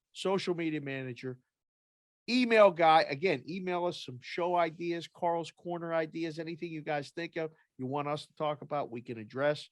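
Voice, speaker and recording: A man's voice: a little high, no room sound. Upbeat male podcast host, dry close sound. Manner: upbeat, chatty, plugs the show. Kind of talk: casual podcast chat.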